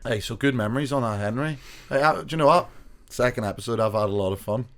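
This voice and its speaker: A man's voice: medium pitch, quick pace, fairly bright tone. A man hosting a podcast in casual banter, chatty and teasing, often laughing. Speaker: podcast host.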